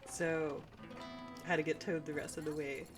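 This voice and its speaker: A woman's voice: deep voice, steady tone, very fast, music in the background, low-quality recording. A woman game streamer chatting casually while she plays, rambling through stories with lots of fillers and easy laughs. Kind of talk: casual chat while playing. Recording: game sounds and hoofbeats loud underneath.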